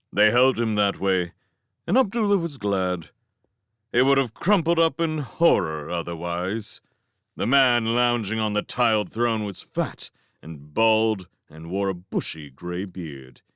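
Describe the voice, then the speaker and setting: A man narrating a novel in a slow, unhurried way, his low voice rising and falling with lively expression. The reading is dry and close with no room sound. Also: clear, resonant tone, no echo. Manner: expressive storytelling. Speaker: reader of a novel. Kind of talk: fan audiobook narration.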